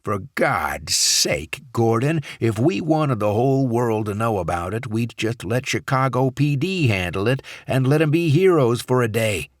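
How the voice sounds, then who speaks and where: A man voicing an impatient, gruff male handler. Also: sits low, expressive, measured pace, fairly bright tone, no room sound, clean studio sound, heavily acted. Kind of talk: audiobook character voice.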